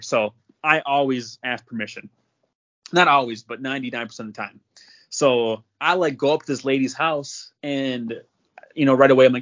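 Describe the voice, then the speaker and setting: A man's voice: mid-range voice, normal speed, a bit bright, dull audio. A man hosting a podcast, telling a long story in casual chat, packed with "like" and restarts. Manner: rambling, filler-heavy, lots of "like". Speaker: podcast host.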